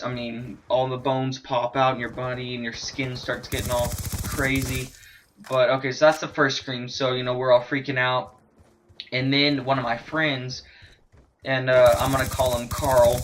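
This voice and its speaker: A man in a middle pitch tells a rambling story as he plays. He stumbles through fillers and restarts and adds animated sound effects. Faint video game gunfire runs behind him. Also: slight background noise. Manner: hesitant, many fillers and restarts. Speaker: gaming commentator. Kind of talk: rambling storytelling over gameplay.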